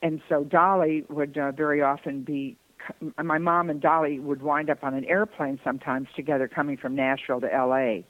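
A man's voice: a little high, flat delivery, moderate pace, no room sound, phone-quality sound. An older man from Detroit telling long, rambling anecdotes as a podcast guest, breaking into laughter now and then. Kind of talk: podcast conversation, storytelling.

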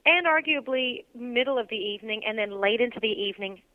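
A woman's voice: on the high side, fairly quick, no room sound. Bubbly teasing woman on a tinny line. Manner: bubbly, teasing, laughs often. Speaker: podcast co-host and radio morning show host. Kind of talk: casual chat.

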